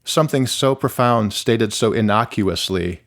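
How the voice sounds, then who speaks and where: A man's voice: lowish voice, a little slow, fairly bright tone. A middle-aged man from Michigan, a musician guest, talking candidly and rambling with many restarts and fillers. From Michigan, USA. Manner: rambling, self-interrupting, many "like"s. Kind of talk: candid conversational interview.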